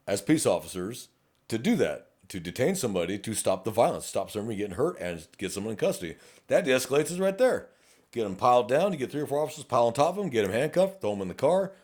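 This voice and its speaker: A man's voice: fairly low pitch, darkish tone. A middle-aged man with a Texan accent, a police officer co-hosting a casual podcast, talking bluntly with plenty of profanity and acting out exchanges with drivers. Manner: blunt and profane, acts out traffic-stop exchanges.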